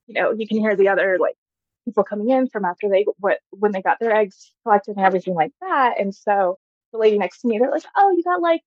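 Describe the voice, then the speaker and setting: Here a thirtysomething woman chats fast as a podcast guest, recounting her own story with lots of "like" fillers and frequent laughter. Her voice sits in the mid range, and the sound is dull but echo-free.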